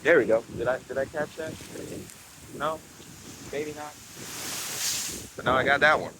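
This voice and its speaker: A man's voice: medium pitch, normal speed. A young man vlogging casually on a rocky coastline, rambling and slangy as he films the waves on his phone. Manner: rambling and laid-back, slangy with "bro" and "man". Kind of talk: casual chat to camera. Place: outdoors crouched on a rocky coastline by crashing waves. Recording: wind noise and loud surf.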